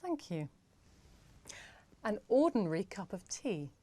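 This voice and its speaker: A young woman presenting a pronunciation lesson with a clear, deliberate, playful delivery. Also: mid-range voice, big pitch swings, mellow. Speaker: English pronunciation teacher.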